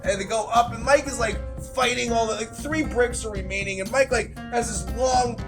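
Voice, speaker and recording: A man with a high voice tells a tabletop game recap as its game master. His telling is loose and rambling, with lots of filler and swearing. Now and then he breaks into sudden loud bursts. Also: normal speed, music in the background. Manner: rambling and profane, full of "like" fillers. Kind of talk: casual session recap storytelling.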